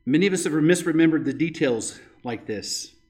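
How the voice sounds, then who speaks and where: A man's voice: a little high, lively intonation, normal speed, darkish tone. A male pastor preaching a sermon in a conversational way, often checking in with rhetorical questions.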